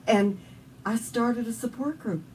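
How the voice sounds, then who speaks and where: A woman's voice: a little high, measured pace, a little mellow. A woman with a Southern US accent, a guest in an interview, telling an emotional personal story in an earnest, heartfelt way. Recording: distant mic with faint background noise.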